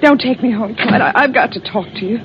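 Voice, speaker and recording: A woman's voice: a little fast, natural voice. A young actress playing a desperate woman in love, pleading and accusing, in 1940s radio acting. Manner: pleading, then shrill and accusing. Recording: hissy dull old radio recording.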